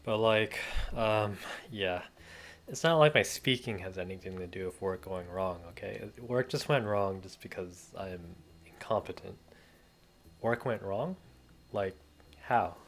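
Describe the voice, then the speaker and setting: A man's voice: low voice, a little slow, a bit bright. A man voicing a flustered young man who talks in a clumsy put-on dialect, in a whiny, overdone, strained way.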